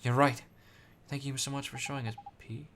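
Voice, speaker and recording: A man reading the lines of a polite, earnest young boy in a quiet, plain voice. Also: medium pitch, level tone, moderate pace, a little hiss or hum, natural voice.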